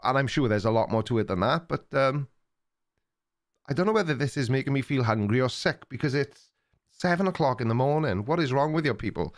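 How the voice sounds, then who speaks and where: A man's voice: medium pitch, expressive, fairly quick. An older man with a Welsh accent, hosting a live stream and chatting casually with viewers in a rambling, teasing way. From Wales. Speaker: livestream host reading chat.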